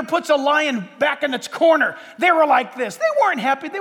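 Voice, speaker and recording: A male pastor delivers an emphatic sermon with a very high voice. He stretches out key words with dramatic pauses. His voice rings with the long reverb of a large church hall. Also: very animated, pushed and bright.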